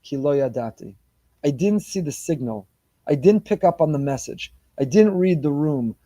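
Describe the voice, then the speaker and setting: A man, a rabbi, giving an animated sermon, weaving Hebrew phrases into his talk. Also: fairly high pitch, moderate pace, dry recording.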